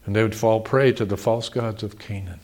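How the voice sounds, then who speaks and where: A man's voice: on the low side, steady tone, fairly quick, darkish tone. A man pastor preaching a sermon, reading scripture and pressing his points with emphatic, swelling delivery. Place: church sanctuary.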